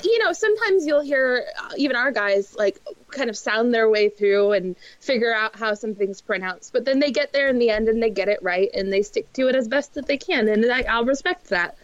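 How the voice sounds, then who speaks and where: A woman co-hosting a casual sports podcast, conversational and measured. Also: on the high side, lively intonation, no room sound. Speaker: podcast co-host. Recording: dry, dull lo-fi sound.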